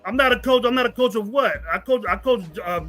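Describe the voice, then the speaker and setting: A man's voice: extremely high pitch, fairly quick, pushed and bright, faint music behind. A man co-hosting a sports podcast, arguing heatedly in a profane, casual way and repeating words when worked up. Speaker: podcast co-host.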